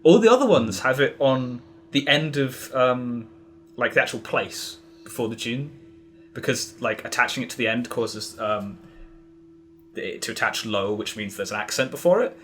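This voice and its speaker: A man's voice: medium pitch, animated, normal speed, fairly bright tone, a little hiss or hum. A man as a podcast guest, explaining in a rambling way with many restarts. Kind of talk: casual podcast conversation.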